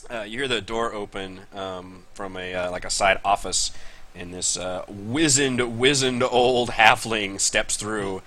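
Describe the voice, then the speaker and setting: A man's voice: fairly low pitch, steady tone, measured pace, sharp tone. A man narrating a tabletop game as game master, chuckling through his descriptions.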